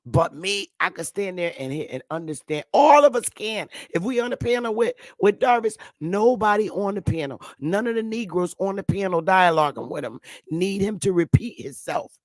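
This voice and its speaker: A woman's voice: medium pitch, lively intonation, moderate pace, few pauses, dry recording. Rambling fifties woman, dry sound. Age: 50s. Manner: rambling, repeats herself, calls listeners sweetheart and love. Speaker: channel host. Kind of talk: casual monologue. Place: Connecticut.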